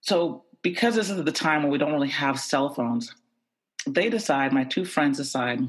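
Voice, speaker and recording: A man from the United States telling a tense personal story with animated, repetitive buildup. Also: on the high side, normal speed.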